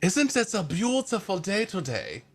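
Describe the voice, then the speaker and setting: A man's voice: sits high, huge pitch swings, measured pace, voice pushed up, heavily acted. A man voicing a cheerful, carefree young man with a put-on German accent and broken, friendly phrasing.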